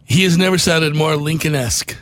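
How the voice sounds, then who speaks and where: A man hosts a radio talk show, chatting casually with sarcastic, mocking humor and laughing often. His voice is a little high and a bit bright, and he speaks a little fast. There's slight background noise.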